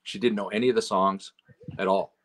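A man's voice: on the low side, fairly even intonation, brisk. A man, a guest telling rambling road stories full of "you know" and "right?". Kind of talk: casual chat.

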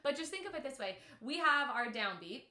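A woman's voice: high voice, very animated, fairly quick, sharp tone, reverberant. A woman teaching a one-on-one piano lesson, patient and upbeat, explaining step by step with many "like"s.

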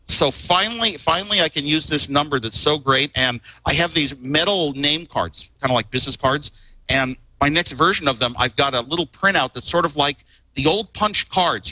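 A man's voice: mid-range voice, sharp tone, no room sound, low-quality recording. A man, a guest on a talk show, telling stories casually in a rambling way, chuckling and repeating words as he goes. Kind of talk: casual storytelling.

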